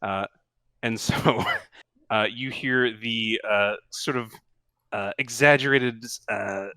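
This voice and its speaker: A man narrating a tabletop game as game master, in a relaxed and rambling way with many fillers. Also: medium pitch, takes it slowly, clean tone, no room sound.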